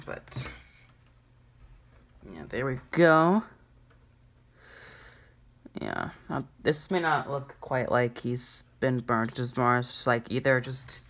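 A woman's voice: very deep voice, fairly bright tone. A woman hosting a drawing channel, giving a casual, chatty and self-deprecating drawing tutorial.

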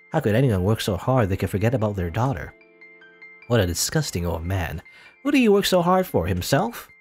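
Animated male let's play reader. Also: fairly low pitch, breathy edge. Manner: casual, chuckling asides. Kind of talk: reading a game's text aloud with asides.

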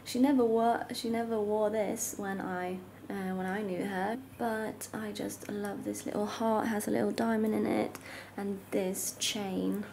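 A woman's voice: mid-range voice, little pitch movement, a little slow, gravelly, darkish tone, slight background noise. A young woman chatting casually in a self-filmed vlog at home, often dropping to a near whisper. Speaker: vlogger. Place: her home. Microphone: camera held by herself.

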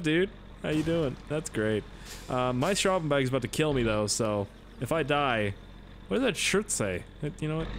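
An excitable man talks through a game he is playing, jumping all over his pitch and yelping whenever something goes wrong. He swears freely and jokes constantly, sounding a little tipsy, with a faint hiss under his voice. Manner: excitable, profane, jokey, yelps and laughs at the game. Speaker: gaming video host. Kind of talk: gameplay commentary.

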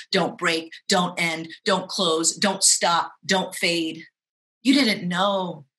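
A woman's voice: medium pitch, sharp tone. A woman poet from Texas performing spoken word poetry, with rhythmic, incantatory repetition.

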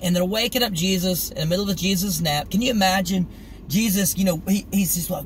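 A middle-aged man gives an informal, earnest sermon, speaking conversationally and acting out the scripture story with energy. His voice sits a little high. Faint vehicle noise hums in the background. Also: fairly quick, low-quality recording. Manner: earnest, conversational, animated when retelling the story. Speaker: street preacher.

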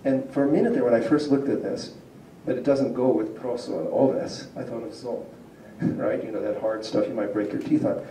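Male lecturer, very mellow dark voice, heard from afar in an echoey hall, chatty and explanatory. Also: medium pitch, steady tone, moderate pace, few pauses, slight background noise. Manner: explanatory, asks the audience questions, chuckles often. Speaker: university linguistics lecturer. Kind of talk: public lecture to a community audience. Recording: roomy hall picked up from a distance.

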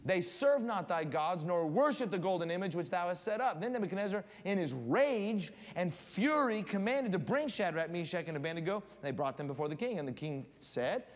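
A man preaching as a guest pastor in a church, reading scripture aloud and telling animated stories. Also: high-pitched, brisk, few pauses. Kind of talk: sermon. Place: church sanctuary. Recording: long hall reverb, faint room noise.

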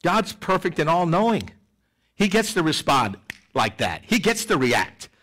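A middle-aged man preaching a sermon in church, animated, swinging between loud emphasis and quiet asides. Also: fairly high pitch, measured pace. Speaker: pastor. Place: church sanctuary.

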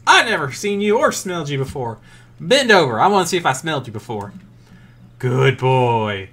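A man voicing a crude, suspicious talking dog in a game let's play, loud and quick. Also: fairly high pitch, big pitch swings, husky, exaggerated voice. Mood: cheeky.

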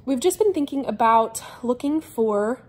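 Young female vlogger, casual and scattered, airy, breathy voice, talking to camera from home. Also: on the high side, expressive, unhurried. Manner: chatty, scattered and rambling. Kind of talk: casual vlog chat. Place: home living room couch.

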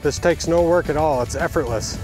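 A man talks casually while digging outdoors on hard ground. He is energetic, exclaims often, and breathes hard from the work. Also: on the high side, a little fast, faint music behind. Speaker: fence installer testing tools. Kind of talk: casual product test while working.

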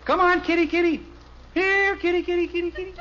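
An actor playing a cheerful, patient father in 1950s radio acting, good-humored and coaxing, on a dull old radio recording with loud hiss. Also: very high-pitched, steady tone, fairly quick. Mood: coaxing a cat. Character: cheerful patient suburban father, grown man.

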